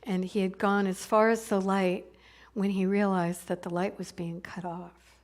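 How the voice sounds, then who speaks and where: A woman minister telling a story in a sermon, in a halting, conversational way with many restarts. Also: medium pitch, level tone.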